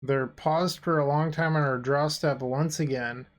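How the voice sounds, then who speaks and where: A man's voice: a little high, steady tone, a little slow. A tired man co-hosting and commentating a card game he is playing, making dry sarcastic jokes in a casual chat. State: tired, yawning.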